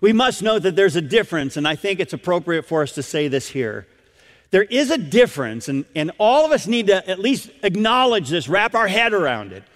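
A man preaching a sermon as pastor, emphatic, with dramatic pauses and questions put to the congregation. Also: high voice, very animated, fairly bright tone, long reverb tail.

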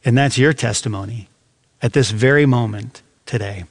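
A male radio preacher speaking with earnest conviction. He draws out his key words for weight. His voice sits at a middle pitch. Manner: earnest, deliberate emphasis with slowed key words. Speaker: radio program host. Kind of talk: sermon.

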